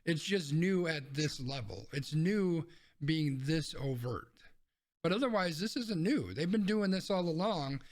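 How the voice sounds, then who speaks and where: A man's voice: a little high, animated, measured pace. A man co-hosting a casual opinion podcast, talking bluntly and swearing freely as he rants about the news. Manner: blunt, profane ranting. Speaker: podcast co-host.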